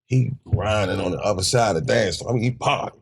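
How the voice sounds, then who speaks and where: A man from DC telling a nightclub story in casual podcast chat, acting out quoted people in a raised, shouting voice. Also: fast, gravelly, slightly rough. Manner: animated storyteller, acts out quotes in a high shouting voice. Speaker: podcast host.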